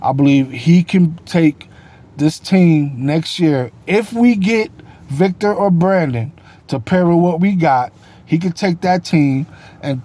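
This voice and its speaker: Rambling man with a mellow voice. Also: a little high. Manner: rambling, self-correcting, with many fillers. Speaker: sports talk host. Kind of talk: casual solo sports talk.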